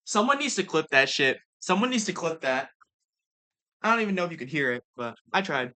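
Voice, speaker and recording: A young woman streamer chatting casually over her game, self-mocking and loose with swearing. Her voice is bright and sharp-edged, and her pitch swings about in a lively way. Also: brisk.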